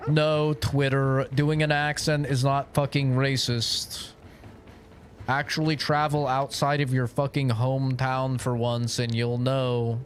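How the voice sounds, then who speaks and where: A man's voice: mid-range voice, level tone, slow pace, slight background noise. A young man streaming a game, chatting casually in a crude, joking, ranting way. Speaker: gaming streamer. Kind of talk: casual live-stream chat.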